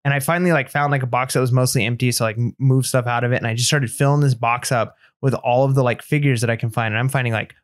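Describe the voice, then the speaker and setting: A man co-hosting a casual chat podcast, speaking fast and loosely with plenty of "like" and restarts. He sounds close and dry, with no room sound. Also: mid-range voice, fairly even intonation, no room sound. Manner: rapid, rambling, lots of fillers and restarts. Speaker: podcast co-host.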